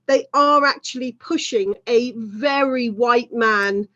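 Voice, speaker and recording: A woman's voice: a little high, takes it slowly, fairly bright tone. Talkative woman in her thirties, muffled audio. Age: 30s. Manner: talkative, frequent "you know" asides. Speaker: interview guest. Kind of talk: casual conversation.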